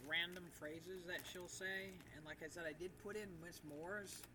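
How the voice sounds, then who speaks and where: A woman's voice: on the low side, fairly even intonation, normal speed, noisy background. Chatty woman streamer, echoey far mic. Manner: rambling and chatty with many fillers. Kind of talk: casual livestream chat while gaming. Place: room with echo.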